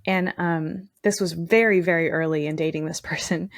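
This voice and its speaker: A woman's voice: fairly low pitch, steady tone, normal speed. A woman co-hosting a casual relationship podcast who tells personal stories and keeps up a stream of affirming interjections. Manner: warm storytelling with frequent affirming interjections. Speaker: co-host. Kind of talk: casual podcast advice chat.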